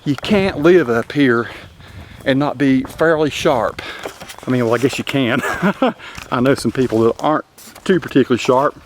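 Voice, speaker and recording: Casting: man with a North Carolina mountain twang, relaxed folksy rambler, filmed on a handheld camera in the woods, faint outdoor hiss. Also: medium pitch, moderate pace. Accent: western North Carolina mountain Southern. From Appalachian Highlands, North Carolina. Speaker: vlogger. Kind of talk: casual walking commentary. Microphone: handheld camera mic.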